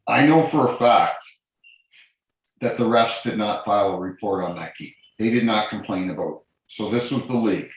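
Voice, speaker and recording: Recorded in an echoey room, this interview guest talks at a moderate pace in a deep voice. He's a former hockey referee from New Brunswick, Canada, and shares anecdotes earnestly in casual talk, with plenty of repeated and restarted phrases.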